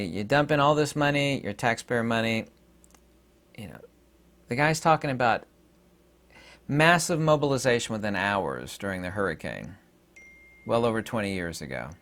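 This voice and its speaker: Animated, indignant man ranting to camera. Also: medium pitch. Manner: emphatic, rambling, indignant. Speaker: channel host. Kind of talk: opinion vlog commentary.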